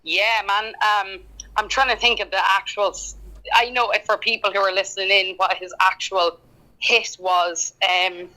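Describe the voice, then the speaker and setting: A woman's voice: mid-range voice, flat delivery, normal speed, bright, forceful tone, low-quality recording. A woman from Ireland with an Irish accent, a singer-songwriter chatting as a guest in an interview, laughing often and talking with plenty of fillers. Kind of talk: casual interview chat.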